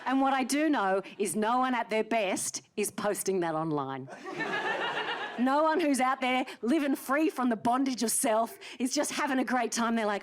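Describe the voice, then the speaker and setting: A woman's voice: on the high side, lively intonation, normal speed. Cheeky comedian in her forties. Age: early 40s. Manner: cheeky, teasing banter with an audience member. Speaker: stand-up comedian. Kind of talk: live stand-up with crowd work. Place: theatre stage before a live audience. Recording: noisy live theatre recording.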